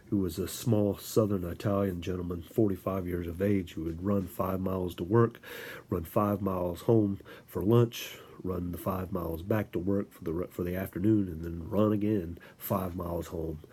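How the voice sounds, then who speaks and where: Deep-voiced, halting male lecturer. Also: slight background noise. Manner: halting, many restarts and filler words; animated storytelling with acted-out quotes. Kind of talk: informal lecture.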